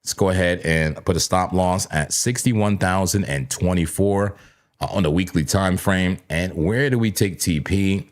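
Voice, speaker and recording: A man hosting a live crypto trading stream from a home trading room full of screens, jokey and animated, talking to himself as he works. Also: sits low, moderate pace. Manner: animated, jokey, talks to himself and yells playfully. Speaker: crypto trading livestream host. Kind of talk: live chart analysis chat.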